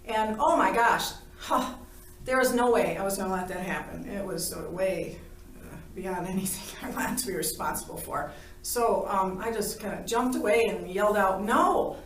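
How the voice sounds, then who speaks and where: A woman's voice: mid-range voice, steady tone, moderate pace. Woman telling her story all playful, keeps laughing, voices the back-and-forth, roomy sound a bit away from the mic. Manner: playful, laughs often, acts out dialogue. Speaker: near-death experience witness. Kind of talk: animated personal storytelling. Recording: roomy, from a distance.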